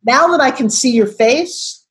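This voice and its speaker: A woman in her sixties, a guest on a video call interview, telling her story in an expressive, dramatic way. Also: high-pitched, a little slow.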